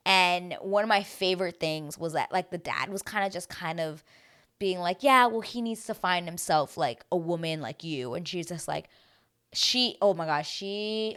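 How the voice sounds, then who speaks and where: Woman, lowish voice, chatty vlog recap, animated, lots of fillers. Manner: animated, heavy use of "like", dramatic swings in pitch and loudness. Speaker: reality TV recap vlogger.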